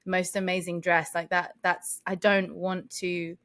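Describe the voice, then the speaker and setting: A woman co-hosting a podcast, talking in an animated, reflective way and laughing easily. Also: fairly low pitch, unhurried. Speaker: podcast co-host. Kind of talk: casual chat.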